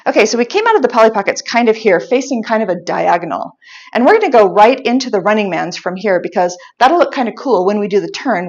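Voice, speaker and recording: Middle-aged woman, patient dance instructor counting beats, mid-pitched, slightly muffled recording. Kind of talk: step-by-step dance tutorial. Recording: slightly dull, muffled sound.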